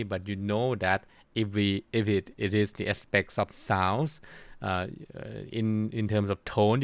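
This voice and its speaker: A middle-aged man giving a university lecture, halting with many restarts and fillers. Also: fairly low pitch, clean tone, no room sound.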